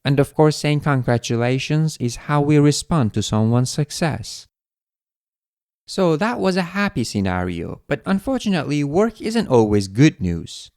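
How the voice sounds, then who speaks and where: A man teaching an English lesson, explaining phrases in a clear, deliberate way. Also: medium pitch, a little mellow, no room sound, studio quality. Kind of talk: scripted language lesson.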